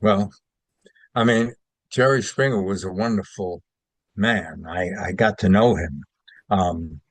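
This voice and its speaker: Here the same sort of older Brooklyn, New York man talks slowly in a low voice, meandering through stories full of fillers and restarts as a guest in a casual interview. The recording is dry.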